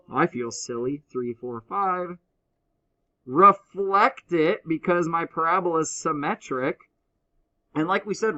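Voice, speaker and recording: A man teaching a high school math class, explaining step by step and teasing his students. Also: bright, forceful tone. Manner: playful, teasing banter with students. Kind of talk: classroom lecture.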